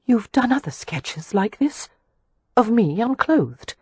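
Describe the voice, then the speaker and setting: Picture a shy, mortified young lady, her voice pitched high and breathless as she speaks timidly, brought to life by a woman narrator. The tone is airy and husky, recorded close and dry. It reads like a storybook romance heroine. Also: big pitch swings, slow pace, dark tone, dry recording, heavily acted. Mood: timid embarrassed. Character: timid flustered young woman, a prim companion.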